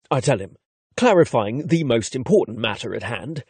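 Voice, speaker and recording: A man's voice: mid-range voice, expressive, normal speed, darkish tone, slightly rough, dry recording. Cheeky male narrator. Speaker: audiobook narrator. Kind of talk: first-person romance narration.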